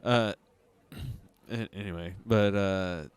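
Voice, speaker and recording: A man's voice: fairly low pitch, slow, clear, resonant tone, dry recording. A man hosting a podcast, chatting casually and hesitantly, with frequent fillers. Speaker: podcast host. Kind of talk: casual chat.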